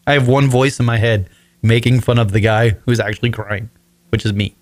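A man in his forties talks alone on his show in a rambling, profane, emotional way. His voice sits at an ordinary pitch and sounds dry and close, with no room around it. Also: steady tone, fairly quick, no echo. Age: 40s. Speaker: podcast host. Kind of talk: solo radio show monologue. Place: his own apartment.

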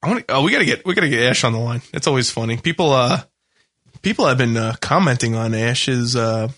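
Male host, teasing, laughs a lot, bright voice, casual banter. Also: medium pitch, expressive, fast.

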